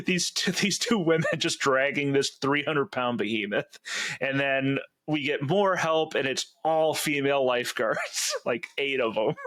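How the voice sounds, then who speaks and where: A man co-hosting a podcast, recapping scenes in casual chat, laughing often and acting out lines. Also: medium pitch. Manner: animated, acts out lines in quick voices. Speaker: podcast co-host.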